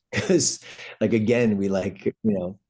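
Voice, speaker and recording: A man's voice: on the low side, steady tone, slow pace, dark tone, husky. A middle-aged man, a punk singer guesting on a podcast, telling stories in a rambling, profane way full of "like". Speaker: guest, punk band vocalist. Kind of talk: casual storytelling.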